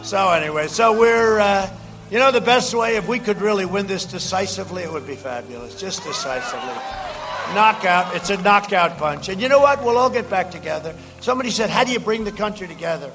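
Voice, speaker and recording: A man speaking at a campaign rally, rambling and repeating phrases and shouting out to the crowd. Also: high-pitched, lively intonation, fairly quick, soft background music.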